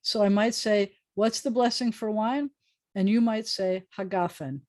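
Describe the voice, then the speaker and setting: A woman's voice: medium pitch, unhurried, a little mellow. Patient woman rabbi teaching online. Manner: explanatory, patient, with frequent ums. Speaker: rabbi teaching prayer book Hebrew. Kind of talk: online Hebrew lesson. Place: home video call. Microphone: video call microphone.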